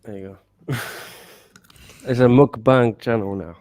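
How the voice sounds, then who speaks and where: A man's voice: medium pitch, measured pace, a little mellow. A tired man co-hosting a casual live watch-along chat over a video call, joking and swearing as he wraps up. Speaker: show co-host.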